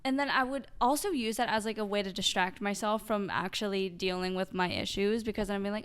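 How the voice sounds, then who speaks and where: A woman's voice: mid-range voice, fast, hardly any pauses, smooth. A young woman hosting a casual interview, chatty and relatable, sharing her own experiences with lots of fillers. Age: young adult. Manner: chatty, relatable, heavy use of "like" and "you know". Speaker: podcast host.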